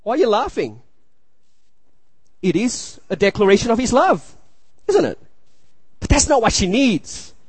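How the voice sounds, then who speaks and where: A man's voice: high voice, big pitch swings, unhurried, pauses often, breathy edge, no echo. A man in his thirties delivers a sermon in a slightly raised voice. He is earnest and circles back on his phrases, checking in with his listeners. The sound is dry and close. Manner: earnest, repeats phrases, asks the room "you see?". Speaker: pastor.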